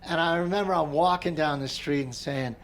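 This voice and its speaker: A middle-aged man teaching a meditation class, telling a personal story in a relaxed, conversational way and often clearing his throat. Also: on the high side, fairly quick, slight background noise. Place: large tent at an outdoor gathering.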